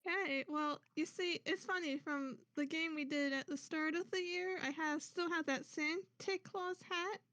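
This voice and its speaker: High, bright-voiced woman player. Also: fairly even intonation, a little slow, few pauses, no room sound. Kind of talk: tabletop game play.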